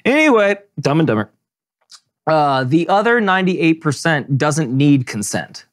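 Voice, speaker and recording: A man's voice: on the high side, big pitch swings, measured pace. A man hosting a podcast, chatting casually with crude, playful jokes. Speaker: podcast host. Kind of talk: casual chat.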